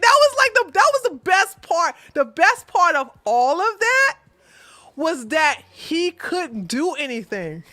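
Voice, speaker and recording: A woman hosting a casual livestream, chatting with her viewers in an animated way, often laughing and talking back to the chat. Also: very high voice, measured pace, no echo. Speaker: livestream host.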